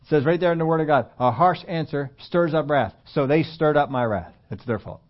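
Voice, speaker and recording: A man preaching a conversational sermon, at times rising loud and emphatic. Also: a little high, brisk, muffled recording. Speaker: pastor.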